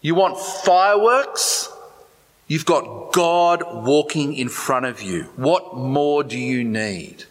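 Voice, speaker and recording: A man preaching a sermon in an animated, conversational way, turning often to talk straight to his listeners. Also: fairly high pitch, slow. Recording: long hall reverb.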